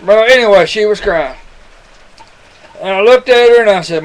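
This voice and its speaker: A man's voice: high-pitched, lively intonation, a little slow, long pauses, rough recording. A man telling a personal testimony to his webcam, rambling and earnest, calling the listener son. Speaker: webcam storyteller.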